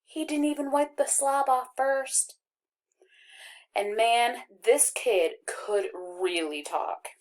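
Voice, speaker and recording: A woman reading a first-person novel aloud as an audiobook narrator, with expressive, wry storytelling. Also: fairly high pitch, slow pace.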